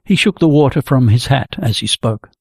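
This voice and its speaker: A man reading a novel aloud as narrator, in a measured, even storytelling manner. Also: mid-range voice, vocal fry, breathy edge, no room sound, clean studio sound. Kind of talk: audiobook reading.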